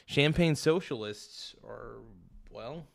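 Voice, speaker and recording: A man's voice: mid-range voice, slow pace, vocal fry, dry recording, studio quality. A young man hosting a livestream, giving rambling, brash political commentary and calling people "dude". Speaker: livestream host.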